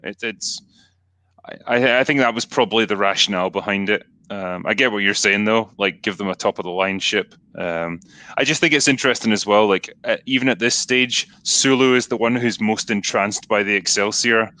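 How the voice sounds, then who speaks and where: This is a Scottish man with a fairly low, bright, forceful voice, hosting a casual podcast chat. He talks bluntly and swears freely, rambling through his points. The sound is dry and close. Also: normal speed, dry recording. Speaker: podcast host. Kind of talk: casual film discussion.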